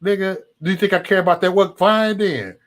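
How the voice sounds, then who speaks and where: A man's voice: sits high, fairly quick, a bit bright. A man hosting a live stream, ranting profanely at chat trolls in a loose, mocking way. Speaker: livestream host.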